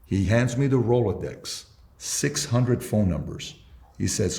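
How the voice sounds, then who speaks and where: A man's voice: lowish voice, animated, unhurried, gravelly, mellow. A man, a guest entrepreneur, giving advice in casual conversation, emphatic and repeating his key points. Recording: roomy echo.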